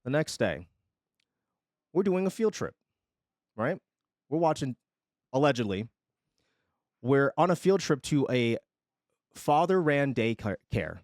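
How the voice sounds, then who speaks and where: A man streaming, telling his chat a story in a casual, animated way, swinging between loud and quiet and swearing freely. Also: medium pitch, a little slow, pauses often, dry recording, studio quality.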